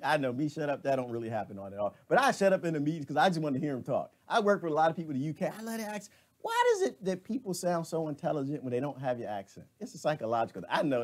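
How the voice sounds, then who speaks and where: A man hosting a live stream, giving jokey, rambling commentary and laughing at himself. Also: medium pitch. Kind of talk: animated off-the-cuff commentary.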